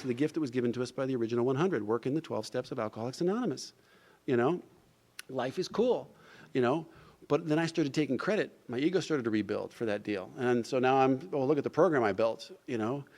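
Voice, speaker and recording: A middle-aged man from New Jersey speaks at a recovery meeting, recounting his story and slipping into the voices of the people in it. His pitch sits in an ordinary middle range, and he keeps dropping "you know" between sentences. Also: brisk, darkish tone. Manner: storytelling, acts out dialogue; frequent "you know" asides. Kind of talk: personal recovery talk. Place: event hall.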